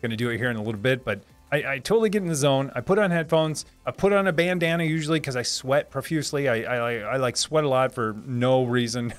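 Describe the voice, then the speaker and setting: A man's voice: mid-range voice, quick pace, soft background music. A man in his thirties hosting a casual live stream, reading viewer comments aloud, chatty, laughing often and repeating words as he restarts sentences.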